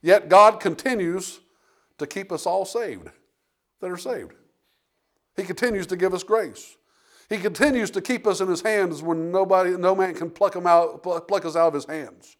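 Man, preacher, fairly high voice, emphatic sermon delivery, reads scripture aloud. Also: moderate pace.

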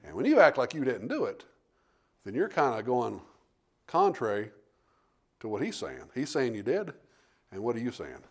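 A man preaching a sermon in a folksy storytelling way, calling out for amens and swinging between loud emphasis and hushed tones. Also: medium pitch, wildly swooping pitch, normal speed, long pauses. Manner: folksy storytelling, calls out "Amen?".

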